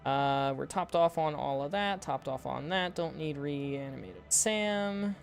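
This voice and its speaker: Slow, joking man streaming a game. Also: fairly high pitch, vocal fry, soft background music. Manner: joking, rambling, laughs at his own puns. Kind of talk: casual live-stream gameplay commentary.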